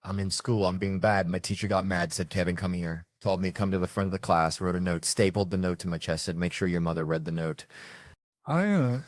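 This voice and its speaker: A man's voice: deep voice, a little fast, no echo. A man doing stand-up storytelling, brash and profane, jumping into other people's voices as he acts out his stories. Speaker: stand-up comedian.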